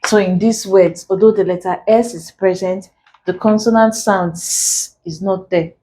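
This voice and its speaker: A woman tutoring exam pronunciation, speaking deliberately and repeating each example word to drill the sounds. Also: mid-range voice, fairly even intonation, warm tone, rough recording. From Nigeria. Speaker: English tutor. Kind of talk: exam-prep pronunciation lesson.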